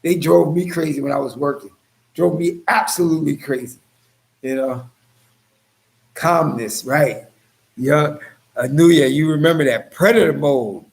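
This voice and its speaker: A man's voice: on the high side, a little slow, creaky, pauses often. A man hosting a casual livestream, joking and calling out viewers by name. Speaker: livestream host.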